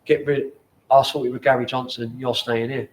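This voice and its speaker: A London man in his forties spins rough, sweary anecdotes about his playing days. He talks in an animated way and acts out the people in his stories. His voice sits at an ordinary middle pitch for a man. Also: moderate pace. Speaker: guest, former footballer. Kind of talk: casual storytelling. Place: bar at a football ground.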